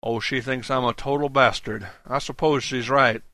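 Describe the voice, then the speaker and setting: A man's voice: medium pitch, fairly even intonation, moderate pace, bright, forceful tone, dry recording. A man reading an audiobook, voicing a cautious, remorseful male friend who speaks plainly.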